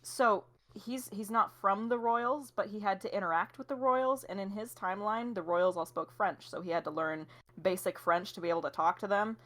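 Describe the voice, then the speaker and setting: A young woman, a guest on a podcast, chatting casually and explaining her game design in a relaxed way. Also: medium pitch, moderate pace, few pauses. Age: young adult. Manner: relaxed and explanatory, laughs often. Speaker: guest, indie game developer. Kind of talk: casual interview chat.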